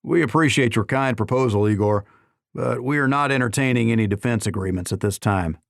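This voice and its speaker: A man voicing a polished male secretary of state who speaks in a smooth, diplomatic and cool way. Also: mid-range voice, fairly quick, no room sound, clean studio sound, lightly acted.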